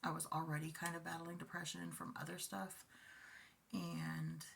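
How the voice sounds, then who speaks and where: A woman in her forties giving a personal, confessional talk to camera, speaking softly and haltingly, often near a whisper and emotional at times. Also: low-pitched, flat delivery, creaky, a little hiss or hum. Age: 40s. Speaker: vlogger.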